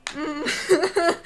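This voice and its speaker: A woman's voice: very high-pitched, a little hiss or hum. A young woman streaming from home, chatting casually and thinking aloud, laughing often at her own ideas.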